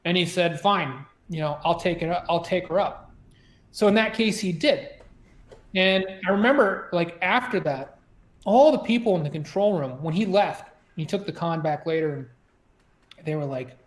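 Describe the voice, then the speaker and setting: Recorded in an echoey room, this man speaks in a high-pitched, animated voice at a moderate pace. A former submarine officer, he tells his story conversationally, full of "like," "you know," and frequent restarts.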